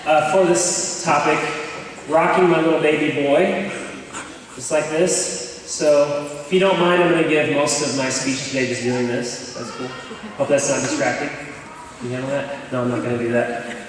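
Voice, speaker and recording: A man's voice: on the high side, fairly even intonation, a little slow. A young man giving a joking, candid chapel talk, telling stories about himself to a crowd. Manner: joking, candid and self-deprecating. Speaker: chapel speaker. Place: large chapel hall. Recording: echoey hall, speaker far from mic.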